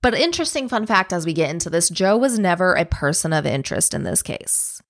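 In a dry, close recording with no echo, a lower-pitched young woman chats casually with her co-host about a true crime case. She's relaxed and profane, often slipping into brief performances of what the people involved said.

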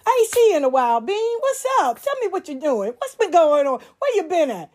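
An elderly father with dementia, as his daughter puts him on, calm and wry. He asks his questions in an easygoing, amused way. The voice sits noticeably higher than her usual talk. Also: fairly quick.

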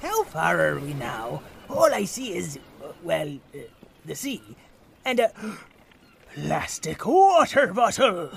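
Jumpy little sailor, super high voice, crackly, swoops all over. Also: male voice, slow pace, vocal fry, exaggerated voice. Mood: anxious. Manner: hesitant, stammering, excitable.

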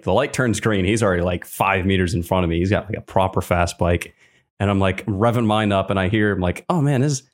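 Brief: deep-voiced, fast male co-host, relaxed storytelling with lots of fillers. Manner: laid-back, lots of "like" fillers, swears. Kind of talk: casual podcast chat.

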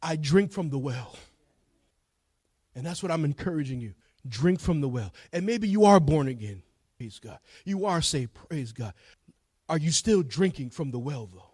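A middle-aged preacher with a fairly high voice delivers a sermon, telling a story and swinging from quiet, low passages to loud, shouted peaks. The recording is close and dry, with no room sound. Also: male voice, lively intonation, normal speed, slightly rough, no echo. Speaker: evangelist preacher.

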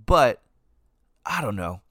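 A man's voice: medium pitch, sing-song, slow, a bit bright, no room sound, studio quality. A man hosting a podcast, chatting in an upbeat, rambling way with many asides. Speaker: podcast host. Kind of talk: casual podcast chat.

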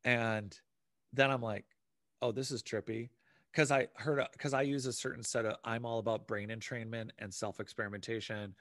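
Male co-host, talky and rambling, mid-pitched, dry close sound. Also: a little fast, no echo. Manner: rambling, animated, swears casually. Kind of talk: casual chat.

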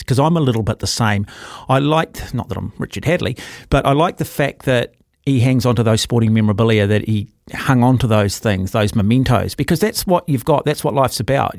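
A man's voice: medium pitch, creaky, dry recording, clean studio sound. A man hosting a radio show, chatting in a rambling, teasing way with plenty of fillers. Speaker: radio host. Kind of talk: casual radio chat. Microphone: studio microphone.

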